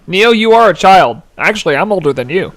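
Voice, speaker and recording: Young man in his twenties, high voice, live game streamer, animated casual chatter, giggly. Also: fairly quick. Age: 20s. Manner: animated, giggly, reads chat aloud. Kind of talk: casual gameplay commentary.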